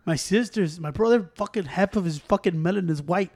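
A man in his forties in casual, profane chat, telling animated stories and acting out what people said. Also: high-pitched, fairly quick. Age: 40s. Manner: profane, animated storytelling with acted quotes.

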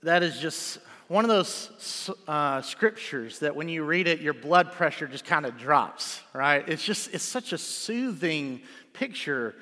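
A man's voice: a little high, sharp tone. A male pastor preaching a sermon in a church, reading scripture and talking in a conversational way with frequent "right?" checks. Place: church sanctuary. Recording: long hall reverb.

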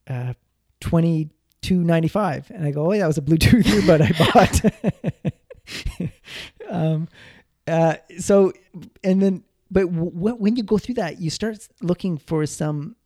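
A man's voice: a little high, creaky, dark tone, no echo, studio quality. A man giving casual personal finance advice, rambling with frequent restarts and repeated words.

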